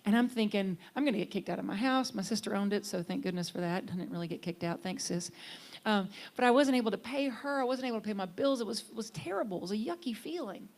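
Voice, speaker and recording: A woman's voice: mid-range voice, lively intonation, fast talker. Earnest woman minister giving a sermon. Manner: earnest, conversational, swings from bright emphasis to soft hushed lines.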